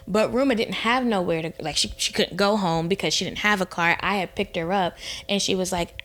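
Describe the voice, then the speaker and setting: Young woman podcast host ranting thru a story, swears a lot, voice shoots way up on quotes. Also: a little fast. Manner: animated, profane, jumps high when quoting. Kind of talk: casual storytelling chat.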